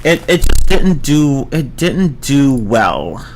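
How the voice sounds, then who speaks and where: A man's voice: mid-range voice, big pitch swings, slow pace, slight background noise. A young man rambling casually through a film review on a livestream, often restarting his sentences, swearing now and then and reacting to chat. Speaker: livestream host reviewing films.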